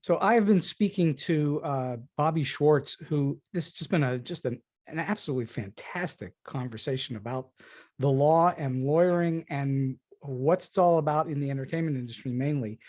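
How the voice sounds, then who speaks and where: A man's voice: fairly high pitch, moderate pace, darkish tone. A man hosting an interview podcast, asking rambling questions and laughing often. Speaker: podcast host.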